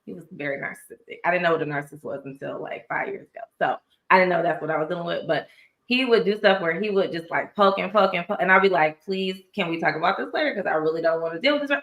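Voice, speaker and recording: A woman in her thirties co-hosting a casual chat about a reality show, telling stories animatedly and acting out quotes with big pitch jumps. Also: expressive, quick pace, pushed and bright. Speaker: co-host. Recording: echoey room.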